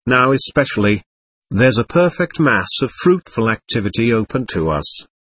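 A man voicing a proud, touchy teenage boy, husky and lively. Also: medium pitch, dry recording. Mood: lecturing. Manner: earnest, lecturing, quick to take offence.

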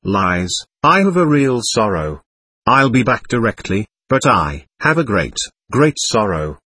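A man's voice: on the low side, big pitch swings, a little slow, sharp tone, slightly rough, no room sound, heavily acted. A man reading the lines of an earnest young man who speaks in an apologetic way. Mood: remorseful.

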